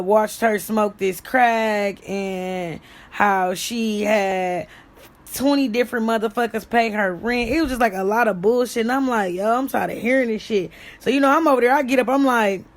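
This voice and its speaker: A young adult woman vlogger telling a casual story, blunt and profane, acting out what each person said. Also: mid-range voice. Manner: blunt and profane, acts out quoted lines.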